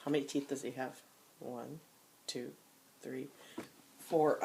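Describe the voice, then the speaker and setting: A woman teacher reading a picture book aloud to young children, slow and exaggerated, with gasps and soft whispered asides. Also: rumbling low, steady tone, creaky.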